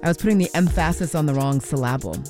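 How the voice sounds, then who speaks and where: A woman's voice: deep voice, fast, dark tone, faint music behind. A woman radio DJ hosting a morning show, chatting loosely with fillers and self-corrections and making a pledge drive appeal from a radio studio. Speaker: radio DJ host. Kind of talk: casual on-air chat and pledge drive appeal.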